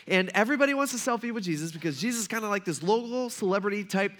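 A man preaching a casual sermon, retelling a story with animated asides and acting out the characters' lines. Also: sits high, racing. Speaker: pastor.

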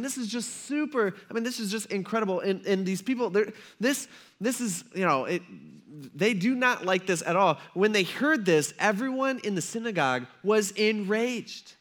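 A man's voice: high-pitched, a bit bright. A young man preaching a sermon in a casual, joking way, acting out the people he talks about. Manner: casual, joking preacher who acts out quotes. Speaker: pastor.

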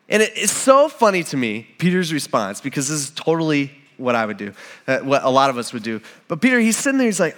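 A man's voice: on the high side, lively intonation, fast talker, fairly bright tone. A man giving an informal, conversational sermon with frequent restarts and acted-out quotes of the people in the story.

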